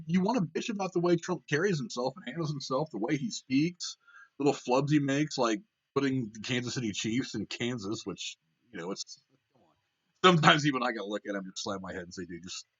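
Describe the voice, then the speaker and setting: The host, a young man from Ohio, airs his political opinions in a casual rant on his own show. His mid-range voice is fairly bright, though the recording's highs are cut off. He's blunt and heated, swearing a lot and often starting his sentences over.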